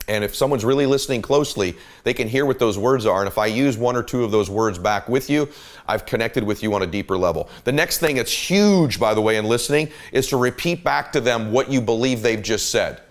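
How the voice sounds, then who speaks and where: A man's voice: mid-range voice, animated, fairly quick. A middle-aged man hosting a motivational talk, coaching listeners in an emphatic, repetitive cadence. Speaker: host.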